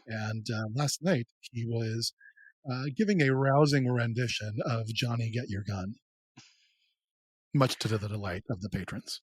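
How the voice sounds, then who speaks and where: Relaxed man describing his character. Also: mid-range voice, a little slow, slightly rough, rough recording. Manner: relaxed, many filler ums and uhs. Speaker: player.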